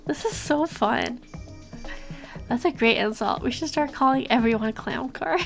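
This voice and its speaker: A young woman, chatting casually while streaming a game. She talks in a lively way and reads game text aloud. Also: sits high, a little slow, gravelly, soft background music. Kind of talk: casual gameplay chat.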